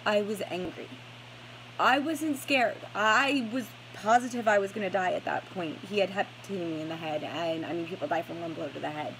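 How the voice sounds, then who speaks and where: A woman telling her own story to the camera, halting, with many fillers and restarts and blunt swearing, while stressed and starting to get a headache. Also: medium pitch, fairly bright tone, slight background noise, rough recording.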